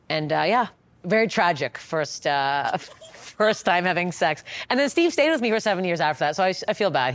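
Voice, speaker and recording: A woman in her thirties doing a crude, self-deprecating stand-up set, acting out shouted quotes. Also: deep voice, dry recording. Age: 30s. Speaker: stand-up comedian. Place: comedy club stage. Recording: live club with faint crowd and noise. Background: audience laughter.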